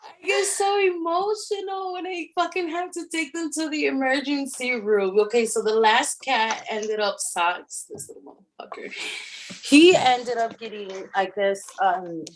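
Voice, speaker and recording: A woman co-hosting a casual radio chat, telling stories in an animated way, swearing often and laughing a lot. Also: high-pitched, a little slow, a little hiss or hum. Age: adult, has a son. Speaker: radio show co-host.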